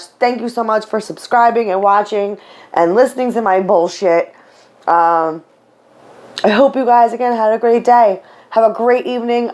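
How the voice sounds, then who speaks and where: Mom vlogging from home on her camera, rambly and swears a lot, kinda teary, normal mid pitch. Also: darkish tone. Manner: candid, rambling, swears freely, with filler words. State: tearful. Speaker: vlogger, stay-at-home mother. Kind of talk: casual chat to camera. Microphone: camera mic.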